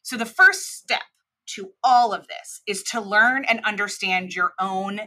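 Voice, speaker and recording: An American woman in her thirties with a flat mid-Atlantic accent, speaking as an interview guest. Her voice is bright and forward, and she explains her points in long, animated stretches. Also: mid-range voice, measured pace. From United States. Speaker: podcast guest, cross-cultural expert. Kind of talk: conversational interview.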